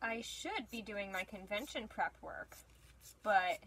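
A woman's voice: medium pitch, expressive, slow, fairly bright tone, breathy edge. A young woman cosplayer chatting and laughing as she films herself sewing at home. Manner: chatty, giggly, self-deprecating. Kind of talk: casual vlog narration while crafting.

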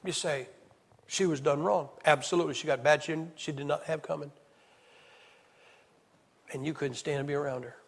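A man preaching an evangelist's sermon at a camp meeting, swinging from loud to hushed. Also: a little high, steady tone, normal speed, vocal fry, long pauses. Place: church hall. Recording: reverberant hall sound.

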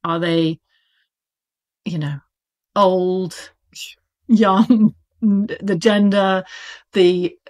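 A woman's voice: mid-range voice, steady tone, extremely slow, long pauses. A woman with a British accent, an audiobook publisher chatting as an interview guest, talking animatedly with plenty of fillers and laughs. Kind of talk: casual interview talk.

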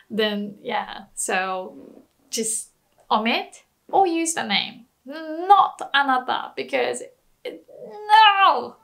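A woman's voice: fairly high pitch, a bit bright. A young woman teaching a language lesson in a casual, playful way, laughing often and acting out example phrases.

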